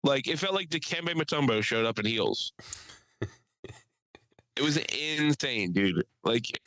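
A man's voice: medium pitch, lively intonation, sharp tone, no echo, rough recording. A man co-hosting a podcast, telling crude jokes and rambling stories in casual chat. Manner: joking, profane storytelling with quick asides. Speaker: podcast co-host.

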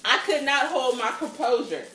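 A woman co-hosting a podcast from her kitchen, telling stories in a casual, animated way, laughing often and swearing freely. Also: sits high, moderate pace, echoey room, recorded from a distance. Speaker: podcast co-host. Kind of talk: casual storytelling chat. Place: home kitchen.

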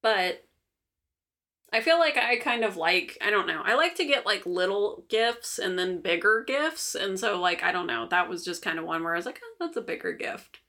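A young woman chatting casually as co-host, relaxed and a bit hesitant with many fillers. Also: mid-range voice, normal speed. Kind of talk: casual chat.

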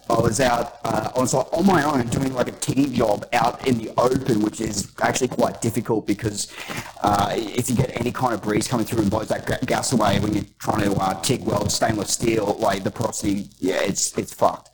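A man's voice: on the low side, steady tone, brisk, noisy background. A man co-hosting a podcast in a studio, telling a rambling story with lots of swearing. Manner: rambling, swears often, acts out quotes. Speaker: podcast co-host. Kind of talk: casual storytelling chat.

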